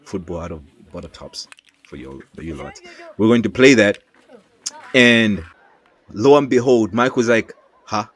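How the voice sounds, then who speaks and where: A man telling a personal childhood story in a casual, lively way, acting out voices as he goes. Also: on the low side, a little slow, long pauses, slightly rough. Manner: lively, acts out voices in his anecdotes. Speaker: storyteller, animator. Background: background music.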